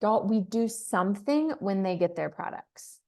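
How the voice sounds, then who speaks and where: A woman's voice: medium pitch, expressive, unhurried, darkish tone. A woman from Texas leading a team training, talking in an upbeat, chatty way and acting out sample scripts. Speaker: team leader. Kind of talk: training talk.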